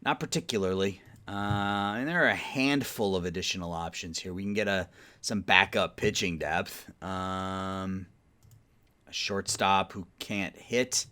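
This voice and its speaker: A man's voice: low-pitched, unhurried, sharp tone, smooth. A man casually thinking aloud while he manages a baseball team in a video game, sleepy and yawning now and then, muttering as he weighs trades. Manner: mutters trade talk to the game's teams. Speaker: gaming YouTuber playing a baseball management sim. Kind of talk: casual let's-play commentary.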